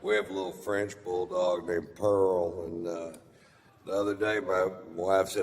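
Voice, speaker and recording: A middle-aged man, doing a stand-up set with drawling, deadpan storytelling and crude punchlines. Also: low voice, a little slow. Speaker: stand-up comedian. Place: large theater stage with audience laughter. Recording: live hall recording with long reverb and audience noise.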